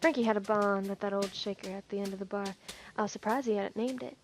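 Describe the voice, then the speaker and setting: A woman's voice: medium pitch, fairly even intonation, fast, a little hiss or hum. A young woman hosting a gaming video, reading a story game's text aloud, stumbling over words and correcting herself. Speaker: gaming channel host. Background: background music.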